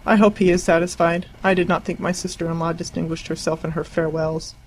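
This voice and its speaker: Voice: medium pitch, little pitch movement, fast talker, a little hiss or hum, natural voice, poor audio. Dry sardonic young man as the narrator does him, snobbish, wry.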